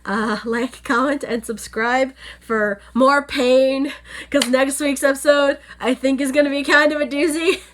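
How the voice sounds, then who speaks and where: Bright, chatty young woman. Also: sits high, fairly even intonation, measured pace, slight background noise. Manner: chatty, heavy with fillers. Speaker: anime reviewer. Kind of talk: casual episode recap. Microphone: on-camera setup.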